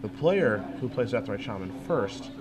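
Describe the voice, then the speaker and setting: A man calling live play-by-play commentary for a card game, excitable and quick to react. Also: lowish voice.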